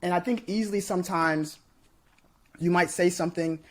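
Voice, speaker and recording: A male podcast host speaks with emphatic, encouraging energy. His voice sits slightly high, and he keeps checking in with his guest in a relaxed, chatty way. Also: normal speed. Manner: emphatic and encouraging, often asks "you know what I'm saying". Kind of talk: casual interview chat.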